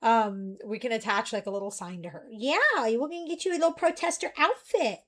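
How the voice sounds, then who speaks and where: A young woman streamer chatting casually, rambling and ranting in an animated way. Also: fairly high pitch, a little fast.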